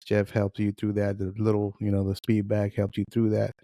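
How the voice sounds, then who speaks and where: A man's voice: lowish voice, completely flat delivery, moderate pace, dark tone, no echo, studio quality. A man hosting a podcast in casual chat, easygoing and peppering his talk with "dude" and "man.". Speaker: podcast host.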